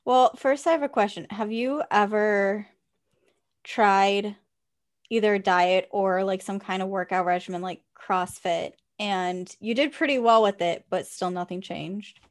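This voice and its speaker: A woman's voice: mid-range voice, measured pace. A woman co-hosting a podcast, chatting candidly about her own experiences, often laughing and putting direct questions to the listener. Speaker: podcast co-host. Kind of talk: casual podcast chat.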